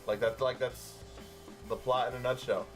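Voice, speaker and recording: A man co-hosting a casual movie review podcast, relaxed and full of fillers, swearing freely. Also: mid-range voice, moderate pace, soft background music. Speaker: podcast co-host.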